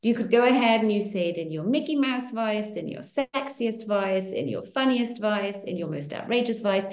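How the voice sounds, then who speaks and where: A woman hosting an online circle, coaching listeners warmly through affirmations with animated, encouraging delivery. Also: medium pitch, brisk, reverberant. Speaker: host of a women's money circle. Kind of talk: coaching talk to an online group.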